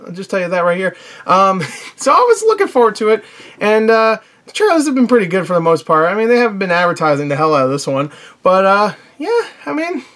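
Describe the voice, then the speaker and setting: A man's voice: high-pitched, big pitch swings, brisk, fairly bright tone. A man giving a casual spoken movie review in a rambling, chatty way, with many fillers and restarts, blunt and informal, sometimes swearing.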